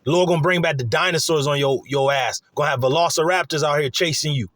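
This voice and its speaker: A man preaching a casual sermon in a profane, rambling, excitable way. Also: on the high side, quick pace, dry recording, studio quality.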